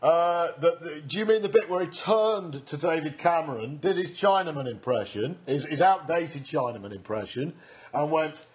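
A man's voice: fairly high pitch, lively intonation, moderate pace. A man ranting in mock outrage. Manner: mock-outraged ranting, puts on silly voices. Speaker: comedy podcast co-host. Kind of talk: deadpan satirical comedy chat.

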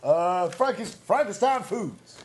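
A man with a notably high voice hosts a silly mock quiz show. He reads clues in a playful, flustered way and teases the contestant. His tone is chatty, light and full of banter. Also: lively intonation, slow, darkish tone, a little hiss or hum. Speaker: quizmaster.

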